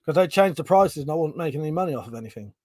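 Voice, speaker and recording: British male stream host: slightly high voice, dry close sound, sarcastic and sweary. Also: animated, rapid-fire, a little mellow, dry recording. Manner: chatty, sarcastic, swears freely; reads out viewer comments. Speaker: livestream host. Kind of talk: casual live-stream chat.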